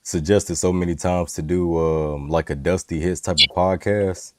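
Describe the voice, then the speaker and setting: A man's voice: fairly even intonation, moderate pace, a little hiss or hum. A man co-hosting a casual podcast, laid-back and joking. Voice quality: deep smooth radio voice. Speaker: podcast co-host. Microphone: new microphone.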